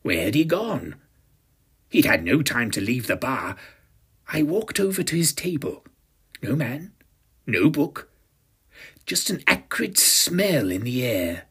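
A man's voice: mid-range voice, sing-song, a little slow, long pauses, pushed and bright, breathy edge. A man in his fifties narrating a first-person audio drama with a pompous, self-satisfied, arch manner. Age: 50s.

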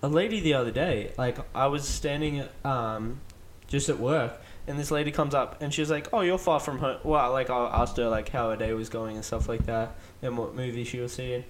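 Chatty man, mid-pitched voice. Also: fairly even intonation, a little hiss or hum. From Australia. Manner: chatty, quick to react and interject. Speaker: podcast co-host. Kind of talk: casual chat.

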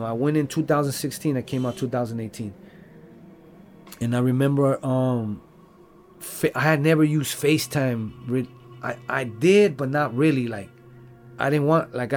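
A man's voice: medium pitch, darkish tone. A man, telling his own story in loose, rambling slang full of "like" and "you know". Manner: profane street slang. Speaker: podcast guest telling his life story. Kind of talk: casual storytelling.

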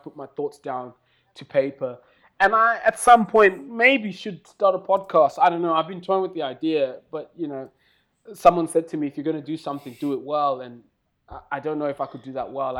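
South African man, animated podcast guest. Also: on the high side. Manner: animated, laughs often, self-deprecating. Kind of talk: casual chat.

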